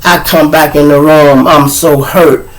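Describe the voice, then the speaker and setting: A man, hosting his show and casually telling a profane, animated story to his viewers. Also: fairly high pitch, measured pace, slight background noise, low-quality recording. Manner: animated, profane, acts out quotes, addresses audience. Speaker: show host.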